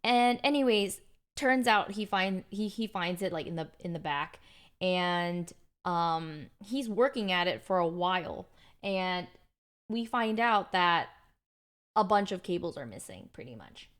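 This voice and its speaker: A woman's voice: lowish voice, lively intonation, unhurried, a bit bright, clean tone. A young adult woman streamer casually telling her chat an exasperated story, full of back-and-forth retellings.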